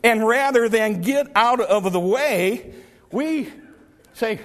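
A man's voice: very high-pitched, slow pace, in a large hall. A man preaching a sermon in church, telling folksy stories and repeating words when he presses a point.

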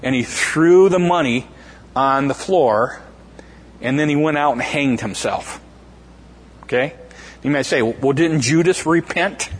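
A man's voice: mid-range voice, measured pace, long pauses, in a large hall. A man preaching an informal sermon, retelling scripture in a conversational way with fillers and restarts, acting out the quoted voices.

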